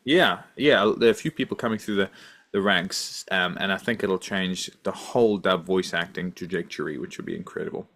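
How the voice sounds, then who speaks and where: A man hosting a podcast in casual chat, easygoing and filling pauses with ums. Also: deep voice, fairly bright tone. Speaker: podcast host.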